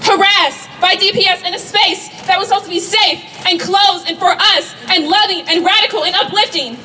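A woman's voice: very high voice, moderate pace, pushed and bright. A young woman giving an impassioned protest speech at an outdoor campus rally, firing rhetorical questions at the crowd. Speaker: student rally speaker. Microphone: rally sound system. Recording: distant voice over crowd and noise.

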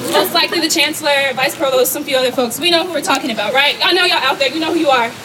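At an outdoor campus rally, a young woman speaking as a student protester delivers an impassioned speech full of rhetorical questions aimed at the crowd. She speaks rapid-fire in a voice that sits high. Her voice comes through the rally sound system, distant beneath crowd and other noise.

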